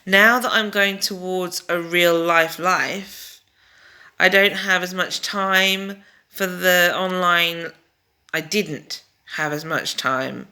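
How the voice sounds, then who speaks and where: A woman's voice: on the low side, steady tone, takes it slowly, sharp tone. A middle-aged woman talking through her lockdown days in a casual home vlog, rambling and wry, with many restarts. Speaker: vlogger.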